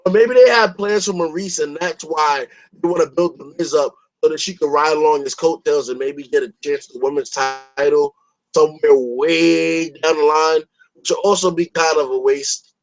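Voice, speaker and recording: High-voiced, profane male podcast host. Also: moderate pace, poor audio. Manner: profane, rambling, opinionated. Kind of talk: casual podcast chat.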